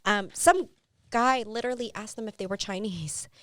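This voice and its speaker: A woman, a mother, co-hosting a casual podcast chat, telling stories with animated retellings and frequent swearing. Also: mid-range voice, normal speed, no echo, studio quality. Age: adult with a son. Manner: animated storyteller, swears freely. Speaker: podcast co-host.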